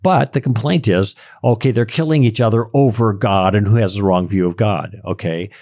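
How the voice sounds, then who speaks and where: A man's voice: fairly low pitch, moderate pace, a little mellow, dry recording, studio quality. A man, a guest on a podcast, explaining his points in an emphatic, lecturing way with stressed key words. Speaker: podcast guest, Christian apologist. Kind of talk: conversational explaining.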